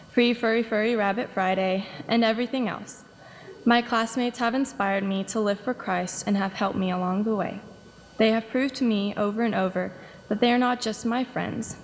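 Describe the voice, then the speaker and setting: A teenage girl earnestly reads her graduation speech in a mid-pitched voice. Her words trail off into long hall reverb, with faint room ambience behind. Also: slight background noise. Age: late teens. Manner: earnest, reading from a script. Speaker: graduating student. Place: ceremony hall.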